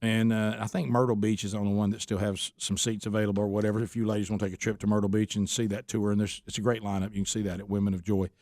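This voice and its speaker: A man's voice: on the low side, very fast, few pauses, no echo, clean studio sound. A man hosting a radio talk show, telling a long story in a casual, folksy way. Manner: animated storyteller, folksy Southern phrasing, puts on a friend's voice in quotes.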